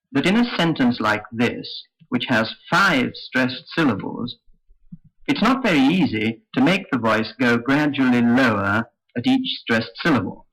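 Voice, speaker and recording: A man teaching English intonation in a slow, careful, scripted lesson. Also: medium pitch, a bit bright, low-quality recording. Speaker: phonetics teacher. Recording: old lesson recording.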